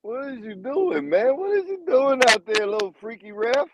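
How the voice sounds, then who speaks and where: A man's voice: very high-pitched, sing-song, moderate pace, a loud crowd. A man on a sports podcast, joking and teasing as he reacts to a clip. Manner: joking, teasing, laughs at the clips. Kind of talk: casual sports chat.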